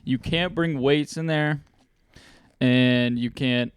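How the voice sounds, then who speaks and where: A man's voice: medium pitch, slow pace, clean tone, no echo. Laughing young man telling stories. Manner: animated storyteller, laughs often, slangy. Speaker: podcast host. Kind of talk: casual chat.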